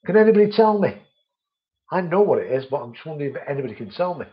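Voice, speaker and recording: A man's voice: a little high, very animated, racing, lo-fi sound. A man hosts a vaping channel live stream, chatting with viewers and reading their comments out in a friendly way.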